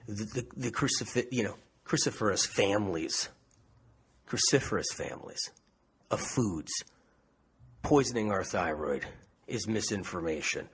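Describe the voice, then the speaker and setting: A man's voice: fairly low pitch, animated, measured pace, long pauses, slight background noise. A man presenting a health webinar, talking emphatically and repeating himself to press his points home. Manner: emphatic, repetitive, pleading. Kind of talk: impassioned webinar talk.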